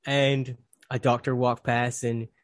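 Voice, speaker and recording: A man who works as a mindfulness coach, speaking as a podcast guest and telling a story with animated delivery. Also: mid-range voice, takes it slowly, no room sound. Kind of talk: casual interview conversation.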